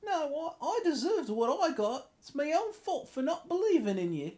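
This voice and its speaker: A man voicing a grateful young man hungry for revenge in a game, reading the lines aloud in a shrill falsetto. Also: sing-song, moderate pace, mellow. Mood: grateful, fierce. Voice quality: squeaky, strained falsetto.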